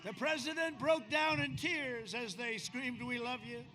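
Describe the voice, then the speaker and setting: A man's voice: very high voice, a little slow, slight background noise. Boastful older man at an outdoor rally. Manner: boastful, mocking, repeats phrases, swings between shouting and muttering asides. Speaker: political speaker at a rally. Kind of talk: rambling off-the-cuff rally speech. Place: outdoor rally at an airfield, windy and cold.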